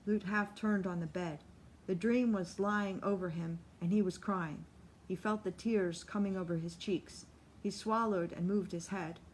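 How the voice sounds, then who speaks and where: Woman narrating a novel, measured. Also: mid-range voice, steady tone, slight background noise. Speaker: audiobook narrator. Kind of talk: scripted narration.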